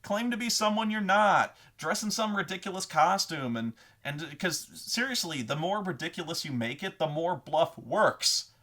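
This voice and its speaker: A man with a bright, sharp voice and a fairly high pitch, holding forth in a loose, rambling monologue about tabletop games. He swears freely and keeps dropping into quick, exaggerated character voices to make his points. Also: expressive. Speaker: host of a tabletop gaming advice show. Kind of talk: casual monologue on tabletop role-playing.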